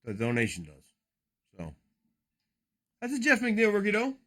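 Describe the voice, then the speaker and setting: A man rambles through a live card-opening stream, cursing freely and getting excited at each pull. His voice sits a bit high and sounds bright, bouncing around with lots of pitch movement. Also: normal speed. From New Jersey.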